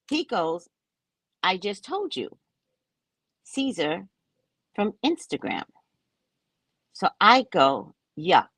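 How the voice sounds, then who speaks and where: A woman host telling a story in casual chat, mocking and animated, laughing often and jumping high when exasperated. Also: drawn-out words, pauses often, husky, dry recording. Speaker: podcast host.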